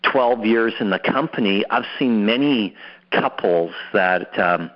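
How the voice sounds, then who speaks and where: A man's voice: fairly low pitch, unhurried, muffled recording. A man hosting an interview, upbeat, often repeating words as he starts a sentence. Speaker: host. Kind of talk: interviewing a guest.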